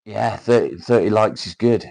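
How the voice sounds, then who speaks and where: A man's voice: fairly low pitch, moderate pace, vocal fry, a little mellow. A man from Cheshire with an accent mixing northern English and South Welsh, chatting casually on a livestream, swearing freely and greeting viewers by name. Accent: mix of northern English and South Welsh. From Cheshire, England. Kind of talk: casual livestream chat reading out comments.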